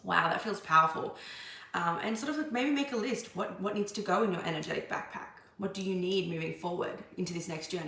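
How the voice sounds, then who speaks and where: A woman tarot reader muses aloud in a casual spiritual channeling monologue that meanders, full of ums and restarts. Her voice is fairly low in pitch with a sharp tone, and the room sounds echoey.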